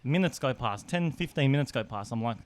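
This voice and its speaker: A young man co-hosting a casual podcast, telling animated stories and laughing often. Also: mid-range voice, fairly quick. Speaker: podcast co-host. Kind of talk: casual storytelling chat.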